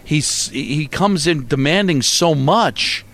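A man co-hosting sports talk radio, reasoning through his points in a measured way. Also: a little high, lively intonation, a bit bright.

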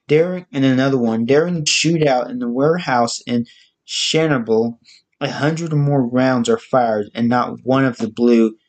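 A man giving a casual, halting spoken movie review, listing facts with frequent restarts. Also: mid-range voice.

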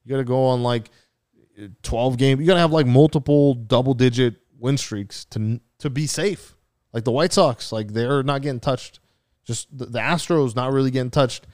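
A man's voice: mid-range voice, normal speed, darkish tone, dry recording, studio quality. A young man co-hosting a casual sports chat, ranting and swearing, mocking critics in put-on voices. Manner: profane, ranting, mocks people in put-on voices. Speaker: podcast co-host.

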